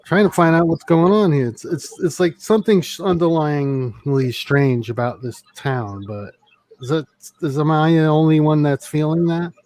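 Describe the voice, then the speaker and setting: A man's voice: a little high, normal speed, darkish tone. A man playing a tabletop game, chatting casually and musing aloud in character. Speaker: player.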